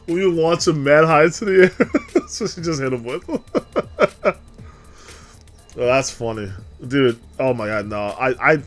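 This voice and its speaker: A man commentating on a game in a loose, profane, excitable way, laughing often. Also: on the high side, unhurried, long pauses, faint music behind. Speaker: streamer.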